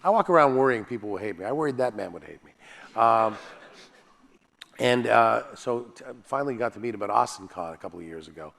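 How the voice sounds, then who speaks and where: A man, a voice actor and panel guest, telling animated, self-deprecating stories with frequent restarts. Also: lowish voice, fairly quick, gravelly, long reverb tail. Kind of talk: animated anecdotal storytelling.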